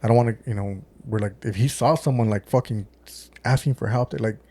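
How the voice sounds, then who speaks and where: Speaking fairly quickly in a lowish, dark, slightly rough voice, a West Texas man tells a podcast story. He's a co-host and ex-deputy who curses often and plays out quotes stuffed with "like" and "dude" in this laid-back storytelling chat.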